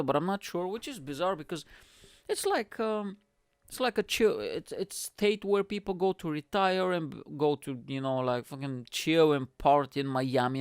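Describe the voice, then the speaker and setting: A young man hosting his own podcast, chatting in a rambling, profane, animated way. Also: medium pitch, clear, resonant tone, no room sound, studio quality. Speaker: podcast host. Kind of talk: casual solo podcast rant.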